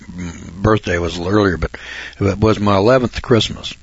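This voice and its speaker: A man's voice: low-pitched, steady tone, fairly quick, gravelly, breathy edge, no room sound. An older man from Northern California, a reporter, telling a folksy personal story and repeating words for emphasis. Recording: dull lo-fi recording.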